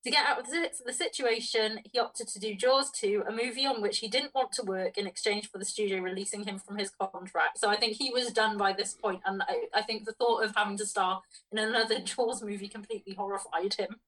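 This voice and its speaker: A woman co-hosting a casual film podcast reads out movie trivia matter-of-factly, her voice a bit distant from the mic. She has a steady, fairly bright mid-range voice and talks a little fast with hardly any pauses.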